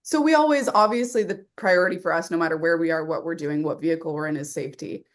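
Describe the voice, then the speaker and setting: A woman's voice: low voice, fast talker. A woman guest on a podcast, a rally driver, explaining things in an easygoing way with frequent laughs. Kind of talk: casual interview chat.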